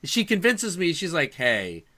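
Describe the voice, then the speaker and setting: A man's voice: medium pitch, moderate pace. A man in his thirties hosting a show, telling stories in casual chat with lots of swearing. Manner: animated, profane storyteller. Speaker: show host.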